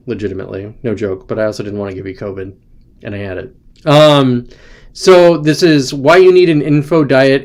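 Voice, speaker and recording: A man hosting a casual livestream from his desk, talking in a digressive, chatty way with lots of ums and restarts. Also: mid-range voice. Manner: digressive, chatty, frequent ums and self-corrections. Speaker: livestream host. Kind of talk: casual rambling livestream talk.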